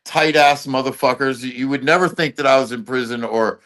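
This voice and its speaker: A man talking as an interview guest, at an ordinary middle pitch. He speaks loosely and bluntly, leaning on street slang and cursing freely in casual chat. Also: normal speed, fairly bright tone.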